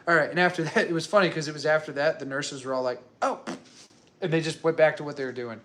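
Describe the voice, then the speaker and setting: A man's voice: on the high side, steady tone, racing, fairly bright tone. A young man talking casually to camera at home, rambling and chatty, with many fillers and restarts. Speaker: working dad vlogger. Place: his home.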